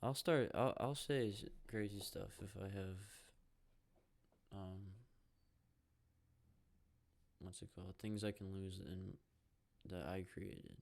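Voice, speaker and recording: A man's voice: deep voice, slow, vocal fry, long pauses. A young man from the Side, hosting a podcast in a rambling, profane, joking monologue. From Chicago South Side. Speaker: podcast host.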